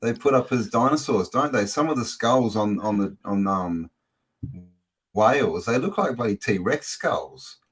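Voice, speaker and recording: A man, hosting a casual chat, talking in a laid-back, halting way. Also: fairly low pitch, expressive, husky. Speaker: podcast host.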